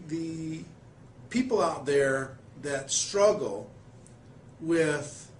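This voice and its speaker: A fairly high-voiced man hosts the interview in a coaching manner, building long questions for his guest. The room adds a noticeable echo, and faint background noise sits under his voice. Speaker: interviewer, network marketer. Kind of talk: conversational interview.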